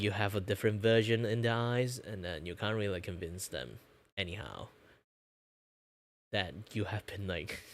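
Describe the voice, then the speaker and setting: A man chatting casually on his stream in his relaxed, lower natural register, rambling with lots of fillers. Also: gravelly. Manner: rambling, filler-heavy, frequent laughs. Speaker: VTuber streamer and artist.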